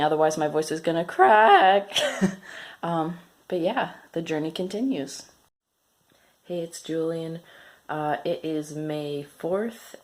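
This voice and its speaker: A man recording a casual video diary, speaking matter-of-factly. His voice is cracky. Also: on the high side. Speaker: vlogger.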